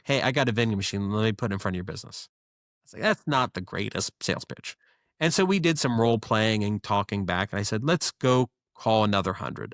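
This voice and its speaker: A man, a guest business owner, telling stories in a casual interview with quick, animated delivery and frequent restarts. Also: on the low side, dry recording, clean studio sound.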